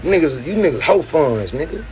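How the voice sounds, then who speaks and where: A man's voice: fairly high pitch, big pitch swings, moderate pace, a little mellow, faint music behind. A man ranting and boasting in a brash, profane way on a phone livestream. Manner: brash, swaggering, preachy.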